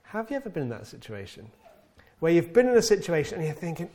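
A man with a fairly high, warm voice preaches fast and very animatedly, repeating key words for emphasis and sometimes stumbling. He voices the psalmist's pleas in a raised, pleading tone.

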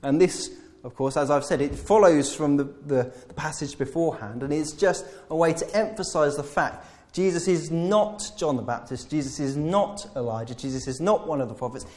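A man's voice: fairly high pitch, normal speed, a little mellow. Earnest man preaching a sermon. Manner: earnest, restarts phrases often.

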